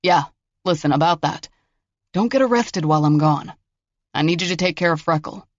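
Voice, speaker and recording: A man's voice: fairly high pitch, expressive, normal speed, no room sound, muffled recording, close to an everyday voice. A man voicing a wry, exasperated federal agent in an audiobook, speaking in a dry way.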